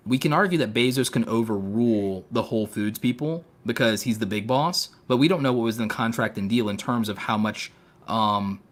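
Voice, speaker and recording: A man's voice: medium pitch, fairly quick. A man hosting a casual podcast chat, talking in long rambling runs full of fillers, with a sarcastic edge. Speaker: podcast host.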